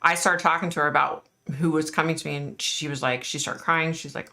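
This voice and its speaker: A woman's voice: deep voice, fairly even intonation, a little fast, few pauses, pushed and bright. A middle-aged woman, a psychic medium, hosting a casual live stream and chatting frankly with her viewers, full of "like" and "you know".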